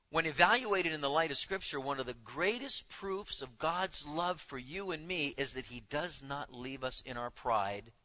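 A man preaching a sermon to his congregation, speaking with animated emphasis and now and then acting out the voices he quotes. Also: mid-range voice, highs cut off. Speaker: pastor.

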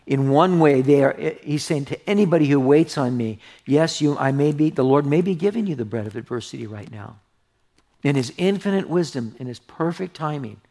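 Gravelly-voiced man preaching verse by verse. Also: medium pitch. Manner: earnest, drops to a hushed whisper for tender asides; reads scripture aloud then comments conversationally. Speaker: pastor. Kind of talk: expository Bible teaching sermon.

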